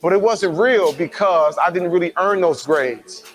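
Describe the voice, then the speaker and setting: High-voiced man telling his story. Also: measured pace, soft background music, poor audio. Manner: animated, acts out quoted voices. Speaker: motivational speaker. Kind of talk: personal storytelling talk.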